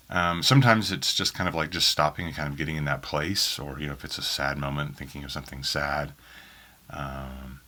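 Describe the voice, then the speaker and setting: Very deep-voiced man, faint Southern accent. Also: bright, forceful tone. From Oklahoma, US. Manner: rambling, many ums and restarts. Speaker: audiobook narrator. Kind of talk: casual interview answers. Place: small home booth in a spare bedroom.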